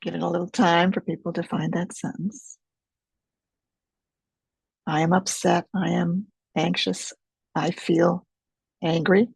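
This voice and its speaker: Slow, gravelly-voiced woman teaching gently. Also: fairly low pitch, flat delivery, dry recording, low-quality recording. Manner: slow, gentle, reflective guidance. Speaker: webinar teacher. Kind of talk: guided self-help webinar.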